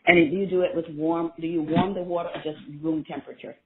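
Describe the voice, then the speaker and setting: A man from South Carolina calling in, friendly and fast-talking, asking polite questions. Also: fairly high pitch, level tone. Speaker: caller. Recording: tinny phone line with faint noise.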